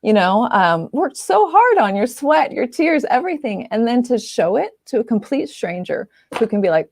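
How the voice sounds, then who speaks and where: A woman artist chatting casually as an interview guest, animated and quick to laugh, with lots of fillers. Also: on the high side, no room sound, clean studio sound. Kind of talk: casual conversational chat.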